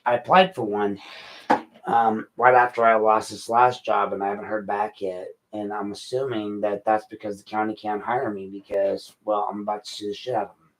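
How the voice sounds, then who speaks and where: A man's voice: fairly low pitch, little pitch movement, moderate pace, poor audio. A middle-aged man, hosting an unscripted late-night podcast and talking bluntly in a frustrated rant. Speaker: podcast host.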